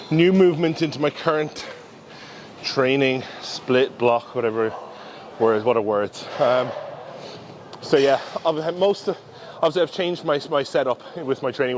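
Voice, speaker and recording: A man giving casual, instructive commentary during his own gym workout, talking through form cues in a relaxed way. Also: mid-range voice, moderate pace, a little hiss or hum. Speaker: bodybuilder and coach. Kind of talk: casual training vlog commentary.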